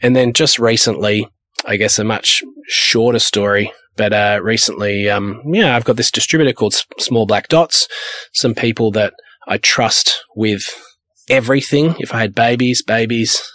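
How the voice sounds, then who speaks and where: A man's voice: on the low side, normal speed, bright, forceful tone, dry recording, clean studio sound. A man from Perth, a music producer and label owner who tells rambling, anecdotal stories in a casual interview. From Perth, Australia. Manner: rambling, anecdotal, acts out the people in his stories.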